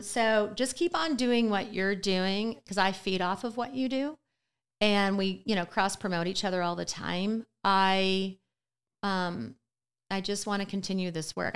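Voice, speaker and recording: A woman guest on a podcast, a business and life coach, talking earnestly in a casual interview, slow and deliberate with many fillers. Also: mid-range voice, clean tone. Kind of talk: casual heartfelt interview chat.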